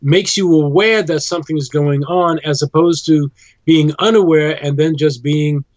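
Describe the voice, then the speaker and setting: A man being interviewed as a guest musician, explaining his ideas in a measured way. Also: fairly high pitch, steady tone, no echo, dull audio. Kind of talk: interview conversation.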